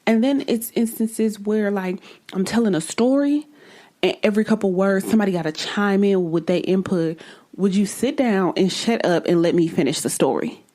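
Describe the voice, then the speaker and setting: A woman's voice: lowish voice, warm tone. A woman hosting a podcast alone, speaking bluntly and with open exasperation, swearing freely, in a casual way. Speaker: podcast host. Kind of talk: casual solo podcast talk.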